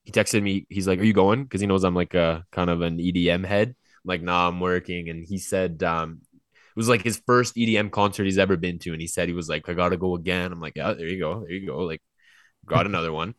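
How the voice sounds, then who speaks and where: Young male co-host, deep voice, rambling filler-heavy chat, dry close sound. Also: steady tone, a little fast, dry recording. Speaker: podcast co-host. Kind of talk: casual chat.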